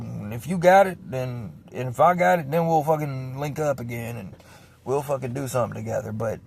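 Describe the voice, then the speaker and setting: A man tells his own story in a raw, confessional way, swearing heavily and rambling as he repeats himself. His medium-pitched voice is brisk and creaky, a little mellow and slightly rough, and his delivery is emotional.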